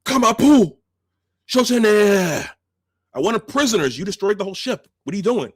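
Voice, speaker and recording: A man voicing a barking, angry male Klingon commander and shouting his orders in a commanding way, as an impression while retelling a film scene. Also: extremely high pitch, sing-song, slow pace, slightly rough, voice pushed up, exaggerated voice. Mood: furious.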